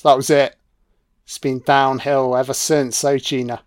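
A man's voice: mid-range voice, little pitch movement, unhurried, dry recording, clean studio sound. A man giving a sarcastic, mocking film commentary rant and swearing constantly.

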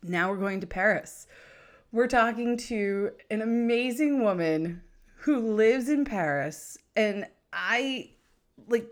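A woman's voice: a little high, slow pace. Bubbly woman podcast host. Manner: bubbly, enthusiastic, rambling with fillers. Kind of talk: chatty podcast intro.

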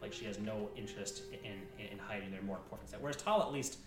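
A low-voiced man runs a tabletop game, rambling and restarting his phrases. He sounds off-mic in an echoey room. Music plays clearly underneath him. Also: quick pace, recorded from a distance. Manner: rambling, self-interrupting. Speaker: game master.

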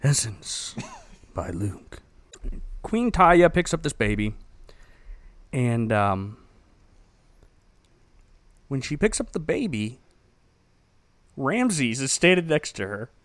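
A man recapping a movie for laughs, animated and often breaking into laughter. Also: mid-range voice, takes it slowly, pauses often, no room sound. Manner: animated, laughing, joking storyteller.

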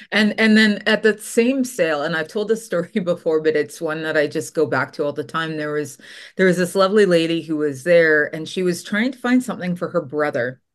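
A woman from Canada, a potter, telling stories in a casual interview and acting out the voices of people she quotes. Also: deep voice. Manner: animated storyteller, acts out quoted voices.

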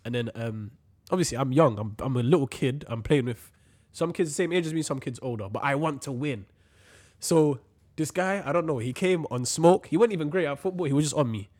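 A man's voice: a little high, brisk. A young man, chatting casually and telling stories with lots of slang. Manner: animated storytelling with slang, laughs often. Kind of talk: casual chat.

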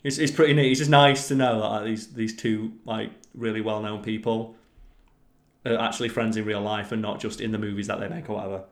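A man chatting casually on a podcast, telling stories in an animated way and swearing freely. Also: lowish voice, a little fast. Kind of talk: casual chat. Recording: roomy echo.

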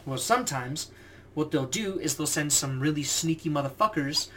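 A young man co-hosting a podcast in casual chat, telling boot camp stories in a lively, profane way and acting out the voices of the people in them. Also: on the high side, normal speed, slight background noise. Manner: animated, profane, acts out quoted voices. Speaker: podcast co-host.

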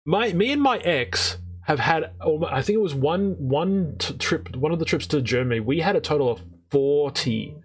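A man telling a story on a podcast, swearing freely and acting out what people said. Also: mid-range voice. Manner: swearing, animated, acts out quoted voices. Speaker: podcast co-host. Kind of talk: casual storytelling chat.

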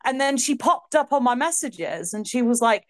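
A young woman singer, telling stories in a casual interview, chatty and excitable with acted asides. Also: a little high, moderate pace, slight background noise. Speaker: singer and guest.

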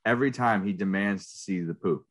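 A man in his thirties co-hosting a podcast in casual chat, talking about his young son in a laid-back, halting way. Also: sits low. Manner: laid-back, hesitant with fillers. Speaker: podcast co-host.

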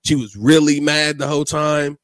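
A man hosting a casual podcast, who tells rambling, animated stories and steers the conversation. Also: fairly high pitch, moderate pace, no echo. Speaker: podcast host.

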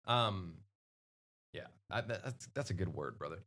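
A man hosting a casual Christian podcast, talking earnestly and hitting his points hard with loud peaks. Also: sits low, expressive, measured pace. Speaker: podcast host.

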